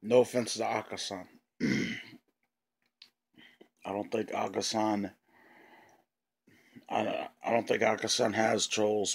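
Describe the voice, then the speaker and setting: A man ranting on his own video channel in an angry, profane, repetitive way, often clearing his throat. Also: fairly low pitch, level tone, takes it slowly, pauses often. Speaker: channel owner. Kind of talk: angry vlog rant.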